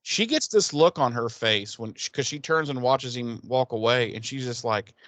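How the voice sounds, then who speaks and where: A man's voice: mid-range voice, normal speed, a bit bright, dry recording. Profane rambling male podcast host. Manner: rambling, profane, laughing storyteller. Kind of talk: casual recap chat.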